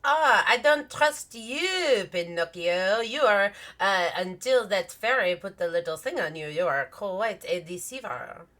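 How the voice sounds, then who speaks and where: A woman's voice: medium pitch, expressive, a bit bright. A woman voicing a sly, clever little cat who taunts the players from a tree in a tabletop game. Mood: smug. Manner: smug, drawn-out taunting.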